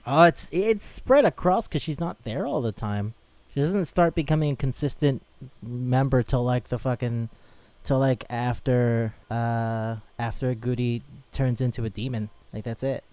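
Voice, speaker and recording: A man's voice: mid-range voice, unhurried, a little mellow, no room sound. A man co-hosting a podcast in casual chat, swearing freely and acting out quotes as he talks. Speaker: podcast co-host.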